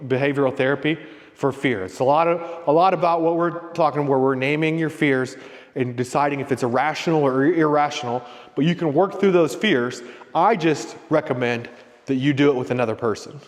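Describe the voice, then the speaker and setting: A man's voice: on the high side, brisk. Middle-aged man coaching, echoing hall. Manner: rambling, coaching tone with frequent "right?" and "okay?". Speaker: host of a leadership discussion group. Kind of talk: casual motivational talk.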